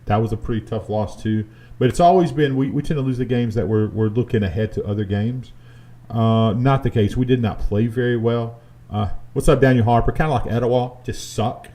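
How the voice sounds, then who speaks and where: A man's voice: medium pitch, fairly quick. A man co-hosting a casual sports talk show in a studio, ranting and joking about college football. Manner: ranting, animated, jokey.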